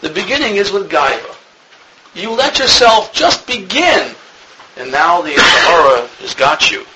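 A man's voice: fairly high pitch, pushed and bright. A man giving a religious lecture as a rabbi, an earnest storyteller who grows more emphatic as he goes. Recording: noisy recording with clicks.

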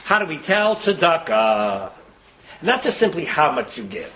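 A man giving a fast, lively sermon-style talk and acting out the people in his stories. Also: a little hiss or hum. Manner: acts out characters with big swings in pitch and loudness; fast-talking. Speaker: religious speaker.

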